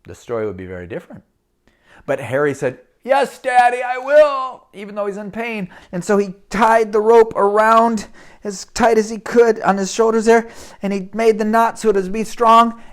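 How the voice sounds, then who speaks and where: Male children's storyteller, dramatic and animated, addresses young listeners. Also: sits high, clean tone.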